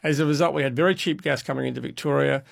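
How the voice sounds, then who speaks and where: A man, an expert guest calmly explaining energy issues on call-in radio, with frequent restarts. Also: mid-range voice, very fast, gravelly, dry recording, studio quality.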